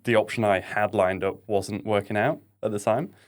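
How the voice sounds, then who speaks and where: A northern English man in his thirties chats as a guest on a podcast. He speaks frankly and in an easygoing way. His voice sits a bit low. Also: steady tone, normal speed. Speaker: podcast guest, fitness coach. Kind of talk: casual podcast chat.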